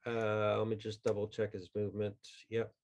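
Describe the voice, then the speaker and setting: Unhurried man running a tabletop game. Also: on the low side, monotone, darkish tone, dull audio. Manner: unhurried, hesitant with many fillers. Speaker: game master.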